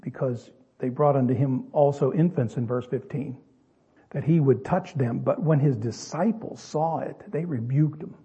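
Reading King James scripture aloud, this preacher follows each passage with homespun, plain-spoken commentary and occasionally slows down to stretch a word for effect. His mid-range voice is mellow with a breathy edge, heard through dull-sounding audio.

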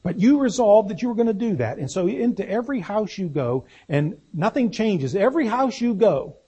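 A preacher delivering a sermon in a plain, folksy manner, often turning to the congregation with questions. His voice sits fairly high for a man and has a husky, breathy edge. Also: very animated, normal speed, warm tone.

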